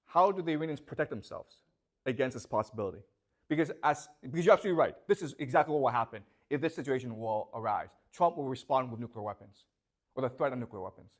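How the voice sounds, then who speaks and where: Guy lecturing students, lots of rhetorical questions, keeps going "okay? you understand?", pitch jumping all over. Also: lively intonation, fast. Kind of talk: classroom lecture.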